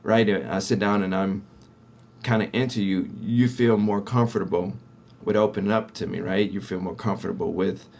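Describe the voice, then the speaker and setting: A man's voice: fairly low pitch, steady tone, moderate pace, darkish tone, slight background noise. A man who runs a cleaning company, talking conversationally to viewers about winning contracts and often checking in with "right?". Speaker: business owner teaching sales to cleaning-company owners. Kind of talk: casual instructional talk to viewers.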